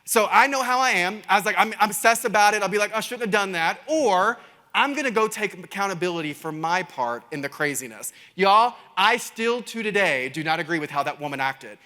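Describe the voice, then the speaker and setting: Kentucky guy doing a keynote, high bright voice, big reverby hall. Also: fairly quick. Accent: Kentucky Southern. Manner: animated, chatty, addresses crowd as y'all. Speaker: keynote speaker. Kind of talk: energetic keynote storytelling. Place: large conference stage.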